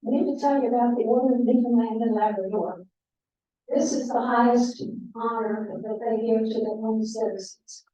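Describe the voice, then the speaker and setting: A woman's voice: fairly high pitch, fairly even intonation, moderate pace, mellow, highs cut off, slight background noise. An American woman telling stories to a club meeting in a chatty, rambling way with many fillers. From United States. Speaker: guest speaker. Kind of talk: anecdotal talk to a club. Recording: echoey room, voice from far off.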